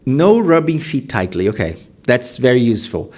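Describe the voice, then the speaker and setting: A man hosting his own show, casually testing himself out loud, laughing at his own mistakes, speaking into a headset. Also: medium pitch, big pitch swings, normal speed. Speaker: podcast host practicing Mandarin. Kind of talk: casual self-recorded practice session.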